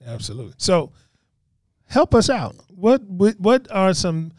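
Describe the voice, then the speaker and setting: A man's voice: high-pitched, big pitch swings, unhurried, a little mellow, no room sound, studio quality. A man hosting a podcast interview, chiming in with eager, encouraging interjections and questions. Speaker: podcast host.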